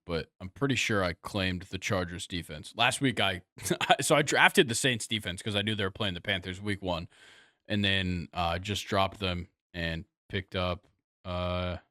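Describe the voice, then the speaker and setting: A young man co-hosting a casual sports podcast, laid-back and quick to laugh, trailing off with fillers as he thinks. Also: low voice, pushed and bright, no echo, studio quality. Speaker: podcast co-host.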